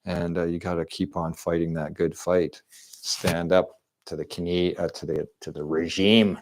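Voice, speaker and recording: Slow, low-voiced man rambling. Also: level tone. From Canada. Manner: rambling and repetitive, with frequent restarts and fillers. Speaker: live streamer. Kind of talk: casual rambling stream monologue. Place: at home indoors. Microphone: desk microphone.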